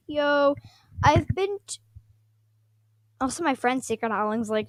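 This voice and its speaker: A woman commenting casually on her gameplay at home at night, excitable and rambling, breaking into gasps and shrieks, into a microphone on a stand. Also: high voice, measured pace, dry recording. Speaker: gaming vlogger.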